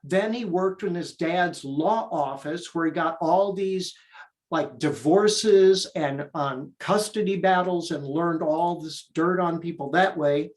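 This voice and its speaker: A man's voice: on the high side, slow. An older man, a theater director, telling eager stories as an interview guest. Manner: eager, animated storyteller.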